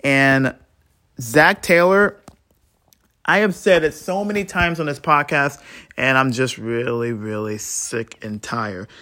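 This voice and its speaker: A man hosting a solo sports podcast, ranting in frustration, swearing freely and swinging between low mutters and heated outbursts. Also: takes it slowly, pushed and bright. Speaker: podcast host.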